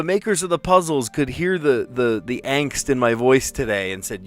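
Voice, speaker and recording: A middle-aged man talks through a word puzzle in an easy, chatty way, muttering letters under his breath and laughing at his own mistakes. His voice sits at an ordinary middle pitch, with faint music playing quietly behind him. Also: normal speed. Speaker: teacher and puzzle streamer. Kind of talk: casual thinking-aloud puzzle play.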